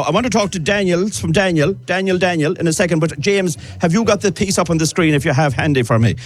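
An Irish man hosts a live radio show from an outdoor event, talking in a chatty, upbeat way. His voice sits a little high for a man. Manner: chatty, upbeat, repeats names. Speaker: radio presenter. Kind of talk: live outside broadcast chat.

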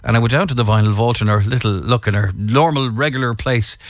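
A man with an Irish accent presenting morning radio, chatting to listeners and reading sports headlines in a brisk, upbeat way. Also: medium pitch, dry recording, clean studio sound. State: out of breath.

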